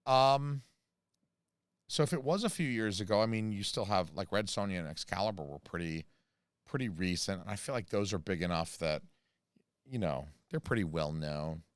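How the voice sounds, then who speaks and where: A man's voice: low voice, normal speed, clean tone, no echo. An American man hosting a casual livestream, rambling through jokey asides and reading chat messages. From United States. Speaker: channel host reading live chat.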